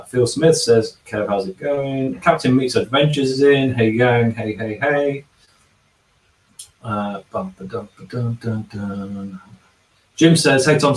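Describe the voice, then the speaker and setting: A man hosting a casual livestream from a bar, reading out chat comments and humming filler syllables between them. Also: medium pitch. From England. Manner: chatty, hums filler syllables while scrolling comments. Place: bar and kitchen. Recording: echoey room, from a distance.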